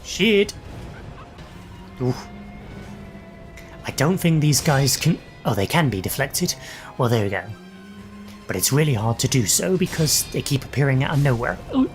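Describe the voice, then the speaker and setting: A man's voice: medium pitch, sing-song, unhurried, long pauses, faint music behind. A young adult man casually commentating his own gameplay, swearing and reacting aloud as he fights. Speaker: gaming channel host.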